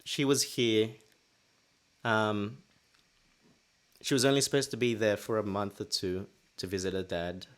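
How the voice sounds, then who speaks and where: A man's voice: lowish voice, fairly even intonation, unhurried, pauses often. A young man co-hosting a podcast, telling a story in casual chat and acting out his own past thoughts. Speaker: podcast co-host.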